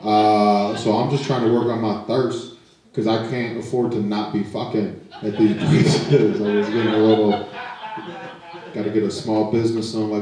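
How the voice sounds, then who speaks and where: Laid-back low-voiced man telling stand-up stories. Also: normal speed, heavy reverb, distant mic, poor audio. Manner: deadpan, laid-back, swears freely. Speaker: stand-up comic. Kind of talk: stand-up storytelling. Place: art gallery.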